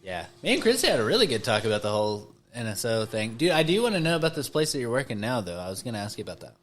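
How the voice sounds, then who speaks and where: A man's voice: mid-range voice, big pitch swings, very fast, a bit bright. A man chatting with friends on a podcast in a friendly, enthusiastic way. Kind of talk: casual chat.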